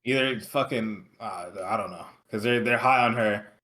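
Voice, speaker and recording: A man's voice: fairly low pitch, normal speed, bright, forceful tone. A man co-hosting a casual talk show, reacting and recapping in a laid-back, profane way. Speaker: podcast co-host.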